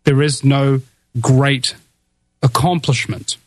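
A man's voice: medium pitch, normal speed, dry recording. A man hosting political talk radio, urging his audience on with fervor while stumbling through fillers and restarts. His voice sits mid-range and sounds dry and close to the microphone. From New Zealand. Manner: impassioned, rallying, many restarts and fillers. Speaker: radio show host.

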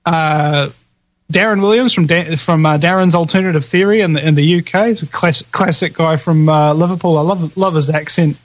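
A man's voice: on the high side, normal speed, dry recording. A man hosting a podcast, casually running through past guests in a rambling way, with lots of fillers and chuckling asides. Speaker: podcast host.

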